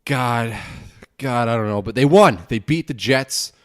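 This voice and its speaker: A man's voice: medium pitch, measured pace. Angry ranting man, swearing. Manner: angry, profane, rambling rant. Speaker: podcast host. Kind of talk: solo ranting podcast.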